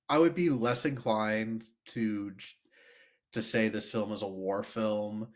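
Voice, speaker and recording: Slow-talking, low-voiced podcast co-host man. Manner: rambling, many fillers and restarts. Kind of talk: casual movie discussion.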